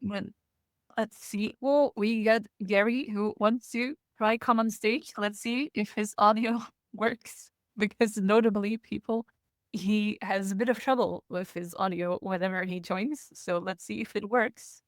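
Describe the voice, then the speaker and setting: A woman's voice: mid-range voice, steady tone, measured pace, no room sound, clean studio sound. A woman co-hosting a podcast in casual chat, chatty and laughing often as she talks. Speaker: podcast co-host.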